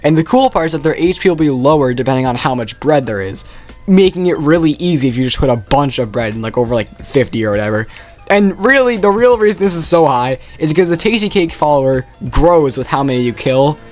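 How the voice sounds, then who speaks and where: A gaming YouTuber, a young man, casually ranks video game quests, rambling, correcting himself often and saying "like" a lot. His voice is on the high side with a darkish tone, animated and brisk, and faint music plays behind him.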